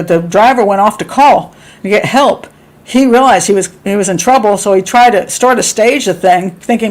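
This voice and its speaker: A middle-aged woman hosting a live stream, chatting and reading out viewer comments. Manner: chatty, reads viewer comments, laughs often; acts out quotes with sharp jumps in pitch. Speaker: host.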